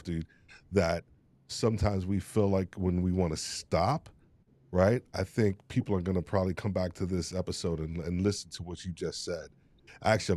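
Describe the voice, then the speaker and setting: A man hosting a live podcast panel, talking in halting, repeated starts. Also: low voice, darkish tone, no room sound. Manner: halting, restarts often, gets emotional and laughs. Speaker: host.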